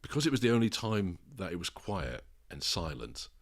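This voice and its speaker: A man, a father co-hosting a podcast, talking frankly with swearing and halting restarts. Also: sits low, very animated. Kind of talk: candid podcast chat.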